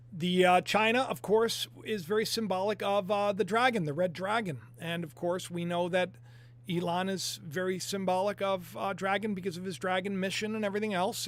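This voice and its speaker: High-voiced man rambling to viewers. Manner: rambling, animated, talks to viewers with frequent fillers. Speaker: online video host. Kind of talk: casual religious commentary.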